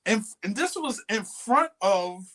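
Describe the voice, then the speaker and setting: A man's voice: high-pitched, animated, unhurried, over a noisy crowd. A man co-hosting a podcast, casually and animatedly retelling a friend's dating story with quoted lines. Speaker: podcast co-host.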